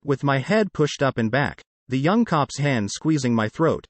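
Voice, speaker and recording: A man narrating a novel in the first person, with a flat, sardonic storytelling manner. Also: medium pitch, measured pace, no echo. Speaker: audiobook narrator.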